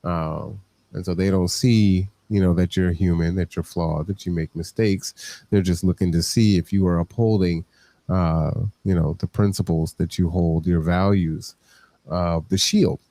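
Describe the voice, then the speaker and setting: A man's voice: sits low, fairly even intonation, unhurried, warm tone. A man hosting a podcast, talking in a reflective, conversational way and often checking in with the listener. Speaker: podcast host. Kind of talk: reflective casual talk.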